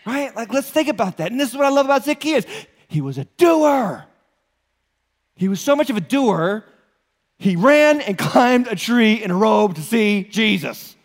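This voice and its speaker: Male lead pastor, high voice, animated and playful, church hall reverb. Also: normal speed. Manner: animated, joking, asks the crowd questions. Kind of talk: sermon.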